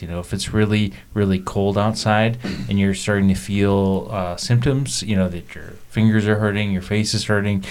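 Low-voiced man, halting podcast chat. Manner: halting, many filler words. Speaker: podcast co-host, emergency physician.

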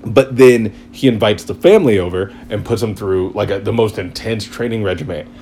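A man chatting casually, retelling a story in an excited, rambling way and acting out quotes. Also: lowish voice, a little fast. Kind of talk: casual chat.

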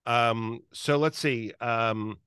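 A man's voice: mid-range voice, very slow, a bit bright, smooth, no room sound, clean studio sound. A man hosting an interview, eager and rambling with many fillers and restarts. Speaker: podcast host. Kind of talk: casual interview chat.

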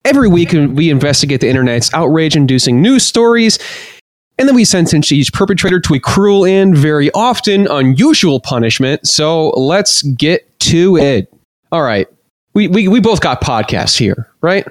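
A man's voice: a little high, animated, normal speed, no room sound. Joking male podcast host, dry sound. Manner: jokey, reads news items aloud with many fillers. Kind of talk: casual comedy podcast chat.

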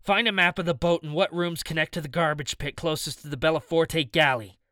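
A man's voice: fairly high pitch, steady tone, fairly quick, pushed and bright, no room sound, studio quality. A man voicing a ruthless male gang leader, barking harsh orders at his crew. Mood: commanding.

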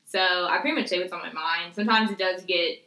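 A woman's voice: fairly low pitch, fairly even intonation, fast, bright, forceful tone, roomy sound, rough recording. Blunt, swearing young woman in chat. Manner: blunt, outspoken, swears freely. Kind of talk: casual chat.

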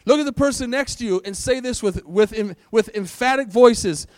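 A man's voice: extremely high pitch, normal speed, dry recording, studio quality. A male pastor preaching a sermon in a church, asking his congregation rhetorical questions and calling for responses. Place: church sanctuary.

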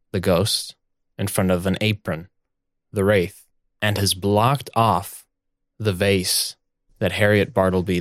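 A game master narrating scenes of a tabletop role-playing game in a measured storytelling way. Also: sits low, no echo.

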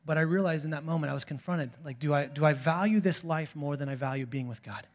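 A man in his thirties, a pastor preaching a sermon in a church, telling stories with swings from quiet asides to loud bursts. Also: fairly high pitch, fast talker. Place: church sanctuary.

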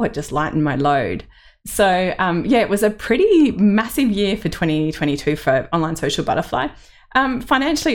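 Low-voiced woman, candid podcaster. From Australia. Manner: candid and personal, with laughs and fillers. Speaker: podcast host. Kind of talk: reflective solo podcast.

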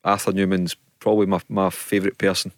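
A Scottish man, a football journalist, co-hosting a radio show in a measured, storytelling way. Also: low voice, level tone, no room sound. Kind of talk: casual football chat.

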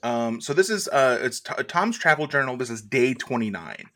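A man's voice: medium pitch, moderate pace. Man deadpanning a silly journal reading. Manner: deadpan comic reading with bursts of energy. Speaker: podcast co-host. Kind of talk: comedic podcast chat, reading a journal aloud.

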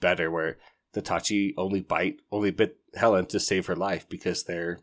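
Low-voiced man chatting about a book. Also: steady tone, normal speed. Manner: enthusiastic, rambling, retells scenes with laughing asides. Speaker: book podcast host. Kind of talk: casual book review chat.

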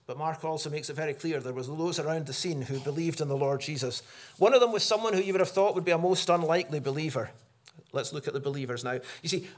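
Earnest male preacher. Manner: earnest, rises for emphasis and drops low for solemn points. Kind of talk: sermon.

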